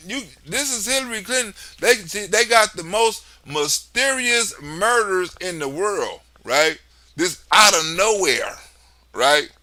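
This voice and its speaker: Animated high-voiced man ranting. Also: no room sound. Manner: profane, animated, laughs often. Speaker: livestream host. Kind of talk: casual political rant.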